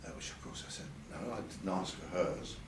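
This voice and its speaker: At an event venue, an older man with a voice that sits low talks at normal speed about his past in a candid interview. Hesitant, he repeats words and quotes people in a lifted voice. The background is noisy, and the distant mic adds a roomy quality with faint ambience.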